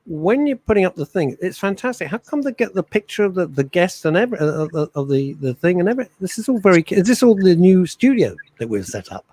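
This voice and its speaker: A man's voice: high-pitched, very animated, quick pace, few pauses, a little mellow, no room sound. Jokey male radio co-host. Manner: jokey, reading out listener messages. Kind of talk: casual chat.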